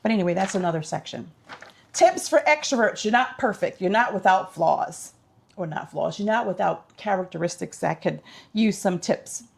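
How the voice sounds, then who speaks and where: A woman's voice: mid-range voice, expressive, normal speed, gravelly, slightly rough. A woman vlogger giving casual tips in an upbeat, chatty, instructive way.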